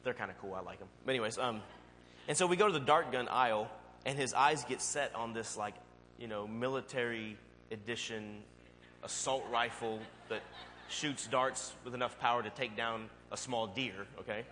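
A male pastor preaching a sermon and telling a personal story in a conversational, animated way. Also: medium pitch, moderate pace. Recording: long hall reverb, faint hum.

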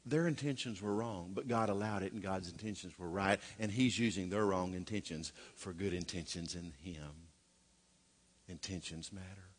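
A man's voice: low voice, normal speed. A middle-aged man preaching a sermon in a folksy way, with joking asides and rhetorical questions. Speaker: pastor.

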